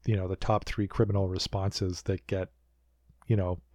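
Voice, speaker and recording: A man co-hosting a podcast, chatting in a rambling, animated way as he recaps a show. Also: low-pitched, normal speed, no echo, clean studio sound. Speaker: podcast co-host. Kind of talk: casual recap chat.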